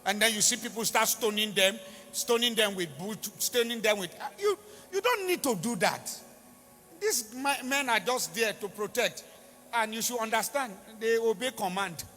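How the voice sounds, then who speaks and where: Impassioned high-voiced Nigerian preacher. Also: male voice, lively intonation, moderate pace, bright, forceful tone. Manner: impassioned, pleading, repetitive emphasis. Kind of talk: sermon. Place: large church hall. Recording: reverberant church hall with music.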